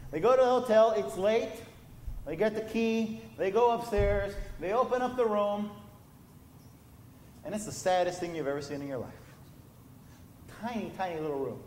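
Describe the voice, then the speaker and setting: A pastor's sermon unfolds as a story in an echoey church sanctuary, rising toward impassioned emphasis. He speaks in a high, slightly mellow voice, with a little background noise in the recording.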